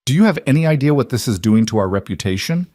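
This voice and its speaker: A man's voice: fairly low pitch, expressive, moderate pace, a little mellow, no echo, close to an everyday voice. Man voicing a stern society mother, cutting and cold, dry close sound; audiobook read. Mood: sharp. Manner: cutting, disapproving. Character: cold controlling wealthy mother, woman.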